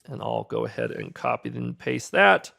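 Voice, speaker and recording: A man's voice: mid-range voice, expressive, moderate pace, gravelly, pushed and bright. A man teaching a coding lesson in an upbeat, conversational way. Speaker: programming instructor. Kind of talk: screen-recorded coding tutorial.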